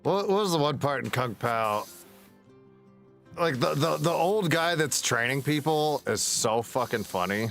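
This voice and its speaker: A man's voice: fairly high pitch, lively intonation, unhurried, creaky, fairly bright tone, soft background music. A man chatting casually while playing a game, rambling and swearing freely. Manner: rambling, profane, laughs at his own stories. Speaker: gaming streamer. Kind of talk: casual gameplay commentary.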